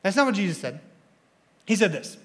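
A young man preaching a sermon as a student pastor in a church, energetic and excitable, often stumbling and repeating words as he speaks. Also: high voice, a little fast.

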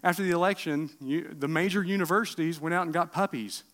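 A middle-aged man preaching a sermon, asking the room questions and swinging from loud bursts to hushed lines. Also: fairly high pitch, quick pace. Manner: animated preaching with rhetorical questions and sudden drops to quiet. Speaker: pastor.

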